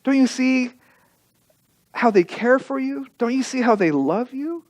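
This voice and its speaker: A man's voice: very high-pitched, lively intonation, a little slow, no echo, pitched above the performer's own voice, low-quality recording. A man voicing an insistent young girl who repeats her questions earnestly while pleading with a friend.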